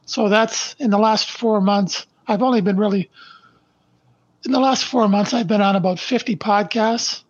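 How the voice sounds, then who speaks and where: An older man from Canada, a podcast guest who speaks slowly and deliberately, stressing his points and then reading his life story aloud. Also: sits high, fairly even intonation, no room sound, highs cut off. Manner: slow, deliberate and emphatic.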